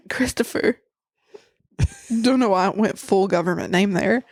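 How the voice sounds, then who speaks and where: A woman's voice: medium pitch, no room sound. Giggly woman with a dry, close voice. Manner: giggly, quick to laugh. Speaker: podcast co-host. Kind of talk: casual movie chat.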